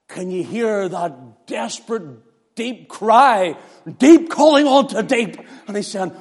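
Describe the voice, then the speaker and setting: A man preaching an impassioned sermon, swinging from loud exclamations to hushed near-whispers. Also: high-pitched, lively intonation, slow, breathy edge. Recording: echoey hall reverb.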